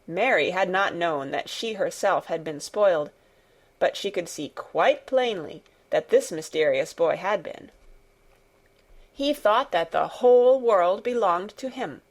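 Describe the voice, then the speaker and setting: A woman narrating an audiobook in a calm, soft, even storytelling manner. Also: on the low side, unhurried.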